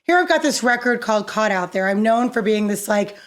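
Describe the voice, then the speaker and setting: A woman guest on an interview show, telling stories in a lively, animated way, laughing often and acting out quoted voices. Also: medium pitch, fairly quick. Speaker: musician guest. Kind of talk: casual interview storytelling.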